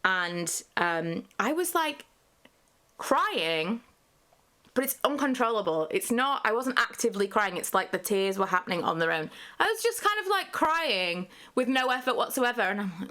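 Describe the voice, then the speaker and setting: A woman's voice: mid-range voice, sing-song, moderate pace, pushed and bright. A woman, talking candidly in a personal vlog, rambling with many fillers. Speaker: vlogger.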